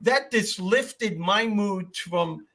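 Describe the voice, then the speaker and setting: An older man with a New York accent, hosting a podcast and telling stories in a husky voice. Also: sits high, takes it slowly. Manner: storytelling, animated. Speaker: podcast host. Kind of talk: casual chat.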